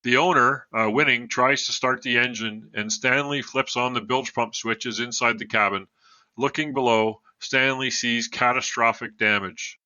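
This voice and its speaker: As a podcast guest, a man tells a true story, shifting from read narration into casual asides. His very bright, forward voice is mid-range and steady, at a moderate pace. The dry, slightly dull sound suggests a modest home mic.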